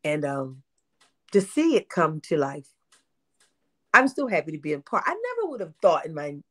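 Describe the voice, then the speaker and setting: Woman, 50s; lively interview storyteller who repeats phrases and acts out dialogue. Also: low voice, normal speed. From Baltimore, USA. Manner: animated, repeats herself, acts out quotes. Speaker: interview guest, independent filmmaker.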